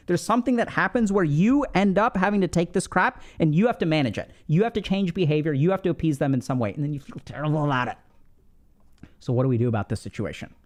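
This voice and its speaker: A man giving casual relationship advice in a conversational way, with frequent fillers and tag questions. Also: a little high. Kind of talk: casual explanatory talk.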